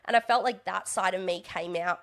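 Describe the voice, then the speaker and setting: A woman's voice: on the low side, a little fast. Chatty young woman. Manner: chatty, animated, mimics others in exaggerated voices. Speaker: podcast guest, reality TV contestant and stand-up comedian. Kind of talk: casual interview chat.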